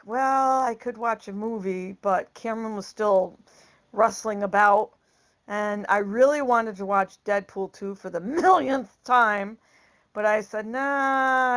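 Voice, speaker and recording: A woman's voice: on the high side, vocal fry, a bit bright. A woman vlogger telling a casual story, laughing often and acting out the lines she quotes.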